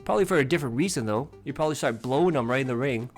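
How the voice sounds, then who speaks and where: A man hosting a commentary video, mocking and insulting his target in a sneering, animated way. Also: mid-range voice, very fast, faint music behind. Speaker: commentary channel host.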